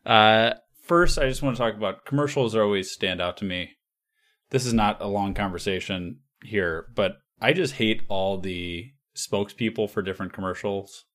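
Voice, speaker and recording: A man's voice: on the low side, moderate pace, a bit bright. A man hosting a podcast in casual chat, opinionated and rambling, with laughing asides. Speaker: podcast host.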